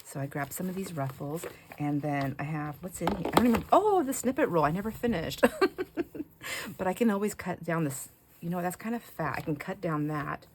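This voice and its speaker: Casting: middle-aged woman craft host, low-pitched, rambling storyteller who laughs a lot, faint hiss behind her. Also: expressive, brisk. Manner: chatty storyteller, laughs often, breaks off mid-sentence. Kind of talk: casual chat while crafting.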